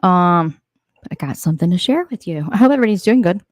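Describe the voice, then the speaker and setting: A woman's voice: lowish voice, lively intonation, no room sound. A woman hosting a casual livestream, greeting chat viewers one by one in a friendly, chatty way. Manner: friendly, chatty, rapid shout-outs. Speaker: livestream host.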